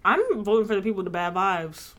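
An American woman co-hosting a casual chat, animated and joking. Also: medium pitch, quick pace. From United States. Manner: animated, joking, mocks accents playfully.

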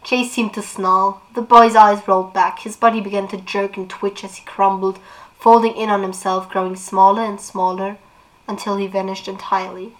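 A woman's voice: mid-range voice, level tone, normal speed, rough recording. A woman book vlogger recapping a plot in casual chat, with fillers, and reading a novel aloud.

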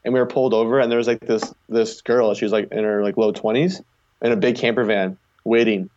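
A man's voice: fairly low pitch, fairly even intonation, fairly quick, darkish tone. A young man from Canada telling stories as a guest in a casual interview, rambling and full of "like" fillers. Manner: rambling, heavy use of "like" fillers. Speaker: guest, long-distance charity cyclist. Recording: slightly muffled recording.

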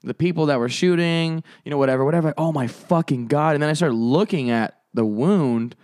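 A man's voice: on the high side, a little fast, darkish tone, no room sound, clean studio sound. A man telling a long story in casual chat, rambling with lots of filler words and swearing.

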